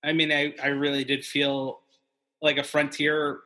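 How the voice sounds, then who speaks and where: A man who is a comedian, talking as a guest on a podcast in a halting way with lots of fillers. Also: a little high, completely flat delivery, bright, forceful tone. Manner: halting, many fillers and restarts. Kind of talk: casual podcast chat.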